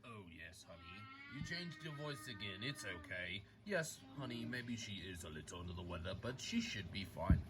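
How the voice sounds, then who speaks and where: A woman's voice: extremely low pitch, very animated, normal speed, few pauses. A young woman playing pretend with toys, switching playfully between character voices.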